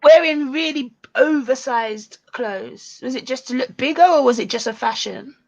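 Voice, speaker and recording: High-pitched giggly woman, curious, dull call sound. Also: moderate pace, vocal fry. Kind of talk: casual group call chat.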